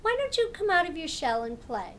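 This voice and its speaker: A woman's voice: extremely high pitch, very animated, fairly quick, a bit bright, a little hiss or hum, pitched above the performer's own voice, exaggerated voice. A woman voicing a friendly, curious big fuzzy orange cat in a storybook reading, with an eager, chatty manner.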